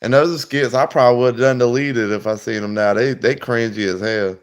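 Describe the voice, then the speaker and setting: Brisk and steady-toned at a medium pitch, a man runs a casual livestream, telling meandering, exaggerated stories and laughing a great deal.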